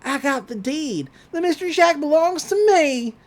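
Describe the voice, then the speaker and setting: A woman's voice: sits high, lively intonation, normal speed, voice pushed up. Woman doing a gloating little boy villain.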